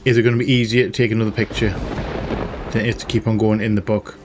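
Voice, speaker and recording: A man's voice: lowish voice, little pitch movement, quick pace, noisy background. A man casually commentating a game he plays, thinking aloud and reading in-game text with wry asides. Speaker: gaming channel host. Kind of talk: casual let's-play commentary. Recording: game music playing behind. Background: game music.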